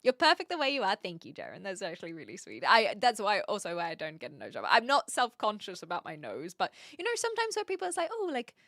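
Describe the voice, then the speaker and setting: A woman's voice: medium pitch, huge pitch swings, quick pace, creaky, few pauses, fairly bright tone, no room sound, studio quality. A woman with a light New Zealand accent, chatting casually with her live chat from her home streaming room into a stand mic, giggly and self-mocking. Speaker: Twitch streamer.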